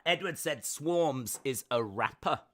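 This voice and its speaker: A man's voice: mid-range voice, animated, slow, a bit bright. A man hosting a fight-night watch-along stream, chatting casually, reading chat messages and making jokey asides.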